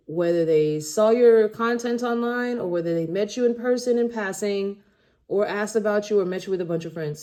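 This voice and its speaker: A woman reads tarot cards in a loose, rambling, chatty way, blunt and unfiltered, with some casual swearing. Her voice is mellow and warm. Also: medium pitch. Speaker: tarot reader. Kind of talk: casual tarot reading to camera.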